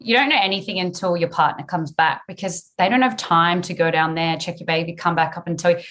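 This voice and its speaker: A woman's voice: on the low side, fairly even intonation, fairly quick, a bit bright. A young woman frankly telling her birth story on a podcast, acting out her past self and swearing freely.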